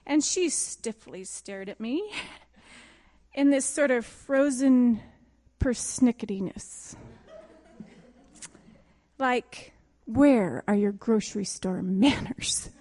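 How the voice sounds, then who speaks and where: A pastor's wife telling a funny story in a sermon, laughing often as she speaks. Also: on the high side. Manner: lively and expressive, quick to giggle. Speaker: pastor's wife giving a talk.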